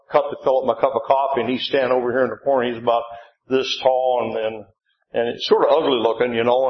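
Older male preacher, revival sermon, punctuates with "amen?", climbs to shouted excitement; roomy, dull church recording. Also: medium pitch. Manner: call-and-response "amen?", rising to excited shouts when retelling. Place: church sanctuary.

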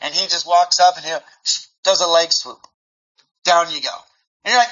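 A man preaches a sermon in a bright, forward voice, often repeating words as he restarts his thoughts. He slips into lively acted-out dialogue to make his points, and the recording sounds dull and lo-fi. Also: a little high, normal speed, pauses often.

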